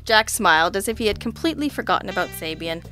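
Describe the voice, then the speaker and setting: A woman's voice: mid-range voice, expressive, fast talker, pushed and bright, soft background music. Woman narrating a dry, hard-boiled story. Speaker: audiobook narrator. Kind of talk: first-person scripted narration of a radio-noir story.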